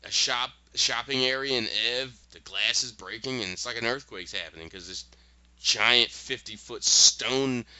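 A man hosting a podcast, recapping an episode in a casual, animated storytelling way with quick asides. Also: lowish voice, smooth, no echo, dull audio.

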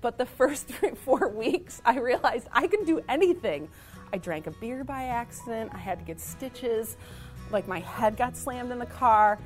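Lively self-mocking woman storyteller. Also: fairly high pitch, a little slow, soft background music. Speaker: teacher. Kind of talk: personal storytelling.

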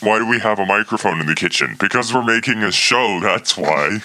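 Deep-voiced man bickering on a mock cooking show. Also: fairly quick, pushed and bright. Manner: argumentative, mock-exasperated. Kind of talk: improvised comedy banter. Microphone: headphones and a microphone, sitting back from it.

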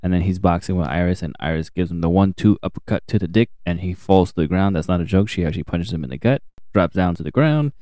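A man's voice: low voice, fast talker, mellow, dry recording, studio quality. A young man co-hosting a podcast, recapping a TV show in casual, crude, joking chat and acting out characters' lines.

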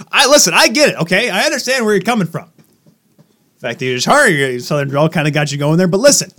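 Young male podcast co-host, high and animated, teasing, quick to rant. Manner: teasing, excitable. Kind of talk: casual sports chat.

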